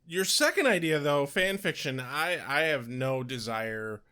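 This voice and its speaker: Lively, laughing podcast co-host. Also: male voice, fairly high pitch, measured pace, clear, resonant tone. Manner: animated, laughs often. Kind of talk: casual chat.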